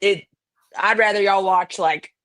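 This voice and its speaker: A woman's voice: mid-range voice, fairly even intonation, a little slow, fairly bright tone. Woman podcast cohost, blunt and wry, cusses, chill chat. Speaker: podcast co-host. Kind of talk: casual chat.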